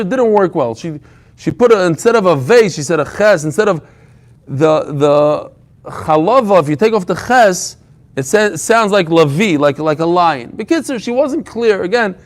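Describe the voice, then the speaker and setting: Animated joking man teaching Talmud. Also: high voice. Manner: lively, joking, quick asides. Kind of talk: daily Talmud class.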